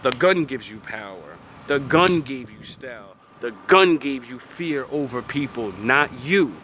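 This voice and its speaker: A man's voice: medium pitch, animated, a little slow, fairly bright tone. A man giving a blunt, profane, rambling opinion monologue outdoors by a street. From United States. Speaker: vlogger.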